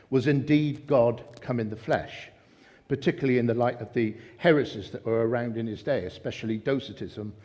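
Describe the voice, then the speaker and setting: A man preaching a sermon, reading scripture and explaining it, swelling into fervent emphasis at times before settling back to calm teaching. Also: mid-range voice. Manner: builds to fervent, rising emphasis, then calmer teaching. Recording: long reverb of a hall.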